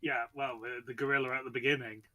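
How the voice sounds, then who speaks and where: A man's voice: mid-range voice, level tone, fast talker, pushed and bright. A man hosting a casual book chat, rambling with many fillers and restarts. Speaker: podcast host discussing a book.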